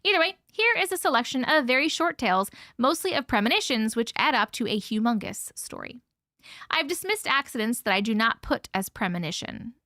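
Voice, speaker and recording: Woman host, chatty livestream story reader; bright, lively voice, dry close sound. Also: on the high side, a little fast, no room sound. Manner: chatty, laughs often, swears casually. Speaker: host reading viewer stories. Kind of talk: casual livestream chat and story reading.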